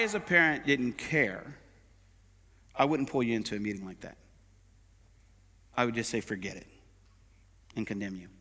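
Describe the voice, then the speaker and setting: A man's voice: a little high, bright, forceful tone. A middle-aged man, a pastor, preaching in a conversational way with everyday examples during a sermon in a church. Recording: long hall reverb.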